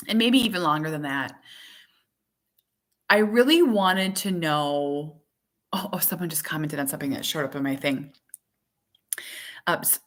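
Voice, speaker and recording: Woman, 30s, slightly low voice, chatty, rambling live-stream mom with lots of filler words. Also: a bit bright. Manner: rambling, chatty, with many fillers and quick laughs. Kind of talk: casual live-stream chat.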